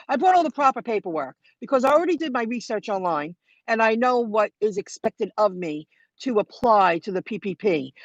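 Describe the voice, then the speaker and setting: A woman's voice: medium pitch, no room sound. Woman vlogger, casual and rambling, live from her car, dry and dull lo-fi phone audio. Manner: chatty, rambling, talks straight to viewers. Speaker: vlogger hosting a live stream. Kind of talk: casual live-stream storytelling. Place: in her car while driving.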